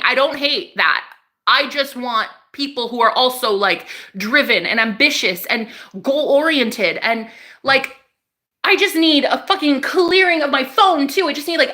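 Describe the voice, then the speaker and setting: On a casual livestream, a young woman answers her chat with biting sarcasm and lots of laughter, swearing freely in a bright, slightly high voice. She alternates between loud jabs and quiet, dropped asides.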